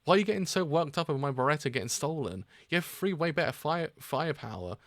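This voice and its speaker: A man's voice: fairly high pitch, expressive, fast talker, a bit bright, no room sound, pitched above the performer's own voice. A man doing a panicky, pleading thug. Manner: flustered, pleading, raised voice. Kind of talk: manga read-aloud acting.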